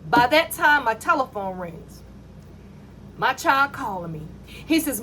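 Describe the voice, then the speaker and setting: High-voiced woman telling her testimony. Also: a little slow, a little hiss or hum. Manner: animated, acts out dialogue in her story. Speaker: mother telling a personal faith story. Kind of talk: personal testimony storytelling.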